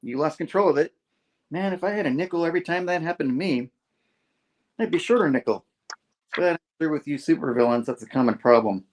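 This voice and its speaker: A man's voice: on the high side, brisk, voice pushed up. A man voicing a sarcastic young male superhero who cracks easygoing jokes. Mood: wisecracking. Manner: sarcastic, joking.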